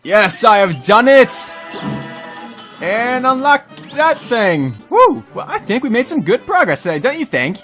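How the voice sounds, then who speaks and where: A man giving excitable gameplay commentary as a gaming video host, yelping and shouting at the game and talking to the enemies. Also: sits high, measured pace, faint music behind. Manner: talks to himself and the enemies. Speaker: gaming YouTuber.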